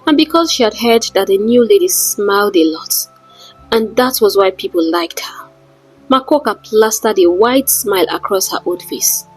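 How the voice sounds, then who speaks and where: A woman narrating a folktale in a dramatic, measured way with wry asides. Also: mid-range voice, animated, breathy edge, faint music behind, rough recording. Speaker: storyteller. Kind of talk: scripted story narration.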